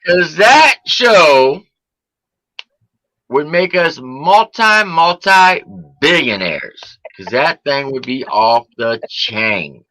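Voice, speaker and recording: A man's voice: on the high side, extremely slow, no room sound, low-quality recording. A man co-hosting a casual chat, telling stories with energy and mimicking friends. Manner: animated storyteller, mimics friends' voices. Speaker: co-host.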